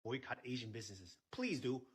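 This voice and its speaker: A man's voice: medium pitch, sing-song, fairly quick, a little hiss or hum. A man in a rant video, sarcastic and combative, rattling off lists.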